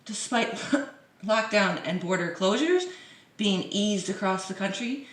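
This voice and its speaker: A woman's voice: medium pitch, lively intonation, a little slow, recorded from a distance. Sarcastic woman reading news in an echoey room. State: dry throat. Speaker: vlogger reading a news article. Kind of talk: casual reading with sarcastic asides. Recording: roomy echo.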